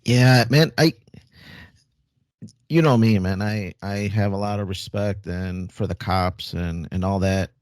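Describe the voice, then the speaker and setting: Low-voiced man, measured and thoughtful. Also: dry recording, clean studio sound. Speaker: podcast co-host. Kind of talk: casual chat.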